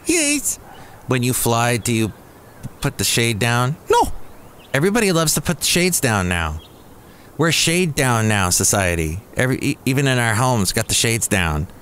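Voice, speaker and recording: A man's voice: mid-range voice, fairly bright tone, a little hiss or hum. A man hosting a comic podcast in a goofy, jokey way, reading jokes aloud and slipping into silly voices. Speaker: podcast host. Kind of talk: comic solo podcast chat.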